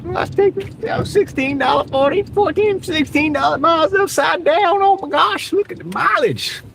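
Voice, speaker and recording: A man putting on a panicky, high-voiced man who shrieks in alarm, recorded in a car. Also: animated, normal speed, creaky, a bit bright, exaggerated voice. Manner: shrill, squealing exclamations. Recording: car noise behind.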